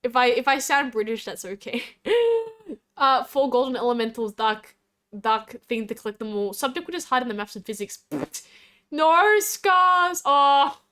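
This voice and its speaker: A woman's voice: on the high side, moderate pace, a bit bright. A young Australian woman streaming as a VTuber, chatting casually with a rambling, giggly way of talking as she reads chat aloud.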